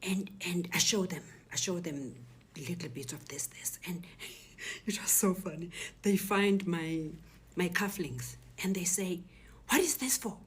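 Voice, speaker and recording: Middle-aged South African woman, low-pitched, soft near-whispered testimony, emotional personal telling. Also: unhurried, husky. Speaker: guest telling her story.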